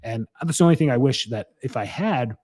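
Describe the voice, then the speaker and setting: A man's voice: medium pitch, expressive, fairly quick, darkish tone. A man in his thirties hosting a solo podcast, talking in an earnest, rambling way and often correcting himself. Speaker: podcast host. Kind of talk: casual solo podcast talk.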